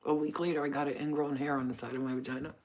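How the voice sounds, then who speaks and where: A woman's voice: sits low, flat delivery, very fast, a little mellow, a little hiss or hum. A woman hosting her own channel, telling frank, profane stories in a casual monologue. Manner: blunt, profane, frank storytelling. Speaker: channel host.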